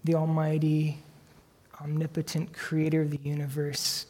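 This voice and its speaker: A man preaching a sermon as pastor, earnest and emphatic, swinging from strong peaks down to soft, quiet lines. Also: on the high side, fairly even intonation, moderate pace. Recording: long hall reverb.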